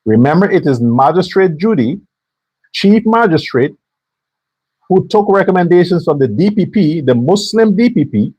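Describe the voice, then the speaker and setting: A man's voice: high voice, animated, normal speed, husky, no echo, highs cut off. A man delivering an angry, profane political commentary rant as a show host. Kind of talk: heated political commentary monologue.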